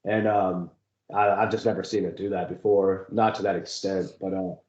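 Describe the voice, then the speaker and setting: A man's voice: low-pitched, fairly even intonation, moderate pace, a little mellow. A man co-hosting a casual chat about ghost hunting, rambling and laughing often. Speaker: podcast co-host. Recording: echoey room, dull lo-fi sound.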